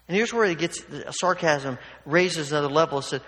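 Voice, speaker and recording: Guy preaching a sermon, slightly higher voice, long echoey hall sound. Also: a little fast, hardly any pauses, a bit bright. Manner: conversational, emphatic, acts out quotes. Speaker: pastor.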